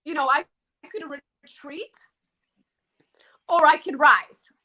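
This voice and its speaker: Interview guest: woman, high and bright, emphatic storyteller who stresses key phrases. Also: takes it slowly. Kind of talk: emotional personal storytelling.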